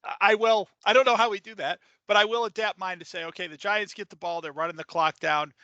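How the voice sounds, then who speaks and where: A man's voice: high-pitched, fairly even intonation, quick pace, pushed and bright, dry recording, highs cut off. A man co-hosting a casual sports podcast, emphatic and repeating words as he gets worked up. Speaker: podcast co-host.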